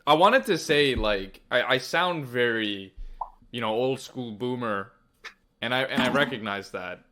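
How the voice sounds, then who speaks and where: A man's voice: mid-range voice, lively intonation, a little slow, pushed and bright, a little hiss or hum. A man co-hosting a casual podcast, giving earnest, emphatic advice. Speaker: podcast co-host.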